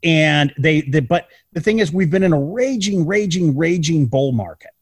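A man's voice: fairly high pitch, lively intonation, normal speed, husky, no echo. A man with a slightly raised voice talks animatedly, piling up rhetorical questions and restarting his sentences. The sound is close and dry, with no room around it. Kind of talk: casual political chat.

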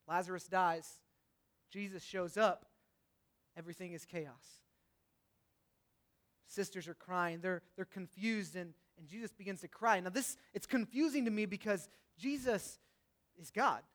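A young male preacher with a notably high voice delivers a sermon. He builds to passionate, raised outbursts, then drops to hushed and reflective tones.

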